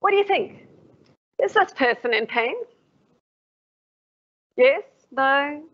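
Woman lecturer, reflective, poses questions to the room; slightly high voice, muffled livestream sound. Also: expressive, slow pace. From South Africa. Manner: reflective, asks the audience questions. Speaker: professor giving a lecture. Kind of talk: formal public lecture. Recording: dull lo-fi livestream audio.

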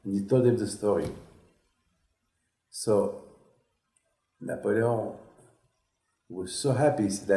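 Slow, halting rabbi. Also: male voice, fairly low pitch, dark tone. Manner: halting, repetitive storytelling. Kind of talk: storytelling sermon. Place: synagogue class hall. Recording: echoey room.

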